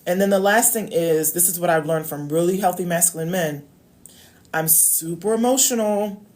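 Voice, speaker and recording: In a slightly mellow, lowish voice at normal speed, a woman love coach chats casually to the camera with advice for her viewers. She keeps repeating key phrases and regularly pauses to ask "okay?"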